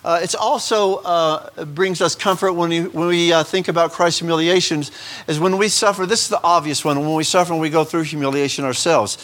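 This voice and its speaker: A man preaches, his voice sitting a little high. He is folksy and jokes along the way, throwing questions to the congregation. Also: steady tone, a little fast, a bit bright. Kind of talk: sermon.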